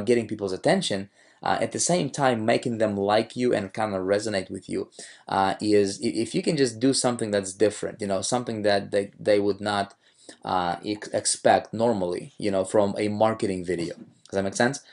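A man with a hoarse voice, talking casually as a marketing coach about his own videos, rambling with many fillers and restarts. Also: lowish voice, darkish tone.

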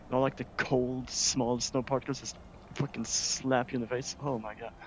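A man from Sweden giving casual, excitable gameplay commentary as a streamer, swearing often. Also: mid-range voice, normal speed, muffled recording, slight background noise. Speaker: gaming streamer.

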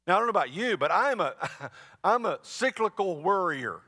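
Animated male pastor preaching in a church. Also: on the high side, brisk. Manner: conversational, animated preaching with asides to the congregation. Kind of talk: sermon. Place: large church sanctuary. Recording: long reverb of a church hall.

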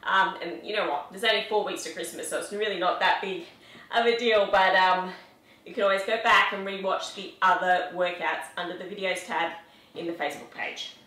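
A woman's voice: lowish voice, steady tone, fairly quick, sharp tone. A woman, a fitness instructor, coaching a live workout in an upbeat, encouraging way and counting out reps in her home studio. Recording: echoey room, mic at a distance.

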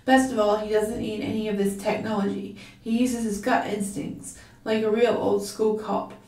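A woman reading aloud, voicing an excitable young man who loves detective comics, in a flustered, emphatic way. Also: mid-range voice, moderate pace, natural voice. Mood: earnest. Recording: roomy, from a distance.

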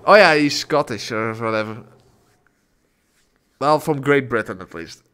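A man whose first language is Dutch, streaming a game live, reading chat and reacting loudly with jokes. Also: medium pitch, unhurried, smooth.

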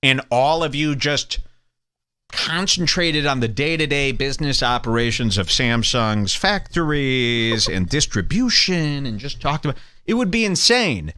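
A man's voice: mid-range voice, animated, a little slow, bright, forceful tone, clear, resonant tone, no echo. A man hosting a podcast, delivering a sarcastic, mock-preachy comedic rant in a close, dry studio recording. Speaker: podcast host. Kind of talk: ranting comedic monologue.

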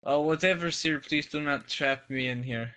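A man's voice: fairly high pitch, moderate pace, pushed and bright. A man hosting a casual game let's play, chatting away and narrating the items he finds as he plays. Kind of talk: casual gaming commentary.

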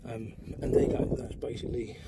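A man's voice: brisk, very noisy. A man giving a casual how-to talk while fitting a phone mount, with lots of ums and fillers. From United Kingdom. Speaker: vlogger demonstrating an install. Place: outdoors by a motorbike.

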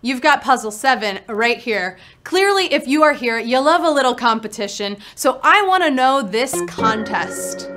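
A woman's voice: a little high, expressive, moderate pace, hardly any pauses, fairly bright tone, soft background music. A woman hosting a live word game show, talking in a playful, upbeat patter full of puns.

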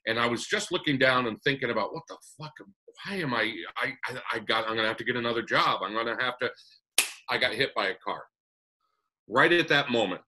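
On a rough recording, a man with a medium-pitched, pushed, bright voice tells a personal story as a podcast guest. His casual, rambling delivery is full of "uh" fillers and small chuckles.

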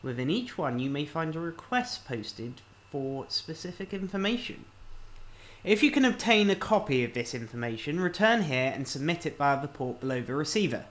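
A man with a slightly higher-than-average voice talks his way through a video game. He reads the on-screen text aloud in a relaxed, offhand way and mutters his thoughts between lines. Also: moderate pace. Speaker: let's-play host. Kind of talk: casual video game commentary.

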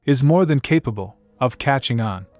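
A man's voice: medium pitch, animated, moderate pace, a little mellow, faint music behind. Man narrating a recap in a plain voice. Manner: reads the narration and every character's quotes in one plain voice. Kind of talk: scripted story narration.

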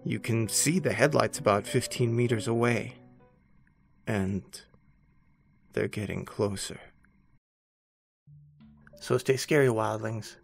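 A man hosting and narrating a horror story in a measured, scripted second-person voice. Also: lowish voice, gravelly, husky. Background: faint background music.

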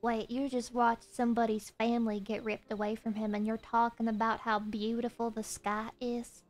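Young woman game streamer, slightly high voice, sarcastic and playful, with occasional whispered asides. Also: little pitch movement, normal speed, faint music behind. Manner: playful, sarcastic, breaks into hushed ASMR-style whispers. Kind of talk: casual gameplay commentary.

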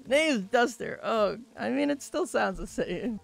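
A man's voice: very high voice, slow pace, creaky, no echo. A man commenting casually as he plays through a game, yelping and laughing at what he sees. His voice jumps around a lot. Faint game music plays under him. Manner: animated, yelps and laughs, swears in surprise. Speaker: gaming YouTuber. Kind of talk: let's play commentary.

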